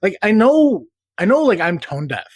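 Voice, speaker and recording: A man hosting a loose live-stream show who rambles, swears freely and pokes fun at himself. His voice sits a little high for a man. The recording is dry and close. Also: big pitch swings, moderate pace, a little mellow, husky, no room sound. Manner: rambling, profane, self-deprecating. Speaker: podcast host. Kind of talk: casual live-stream banter.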